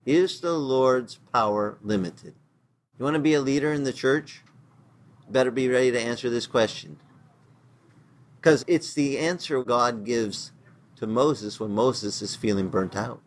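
A man's voice: mid-range voice, normal speed. A male pastor giving a casual, conversational sermon in plain, slangy words, acting out the voices he quotes as he tells the story.

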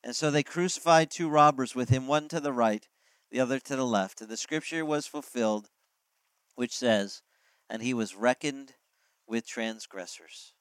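A man's voice: mid-range voice, normal speed, smooth, no echo, low-quality recording. A man preaching a sermon as pastor, explaining scripture in a conversational way, asking the congregation questions and acting out quoted lines.

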